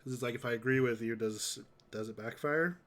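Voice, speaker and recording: A man's voice: mid-range voice, fairly quick, fairly bright tone, slight background noise. A man streaming a mobile game live, chatting casually and reacting to his chat, saying "dude" a lot. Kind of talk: casual livestream commentary.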